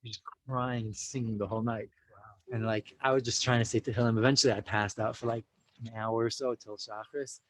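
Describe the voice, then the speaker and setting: With a steady, fairly bright mid-range voice, a little fast, a U.S. man tells a casual, animated story on a podcast, captured in a rough recording. He peppers his talk with "like" and "you know," acts out the quotes, and mixes in Yiddish and Hebrew religious terms.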